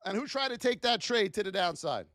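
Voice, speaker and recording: A man hosting a live trading lesson, firing rhetorical questions at his chat in a high-energy, hype-driven way. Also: lively intonation, brisk, a bit bright, dry recording, studio quality. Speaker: trading educator hosting a livestream.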